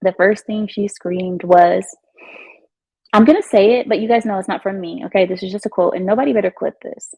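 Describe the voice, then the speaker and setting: A woman with a husky, breathy voice gives chatty, emphatic commentary for her vlog. She speaks at an ordinary mid pitch, and the sound is dry and close. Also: steady tone, a little fast, mellow, dry recording, poor audio. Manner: chatty, emphatic, repeats herself, laughs often. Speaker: vlogger. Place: at home in her new house.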